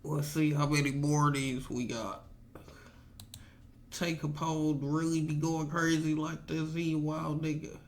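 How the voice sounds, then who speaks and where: A man's voice: a little high, level tone, measured pace. A man hosting a reaction video, giving laid-back, disbelieving asides. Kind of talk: casual reaction commentary.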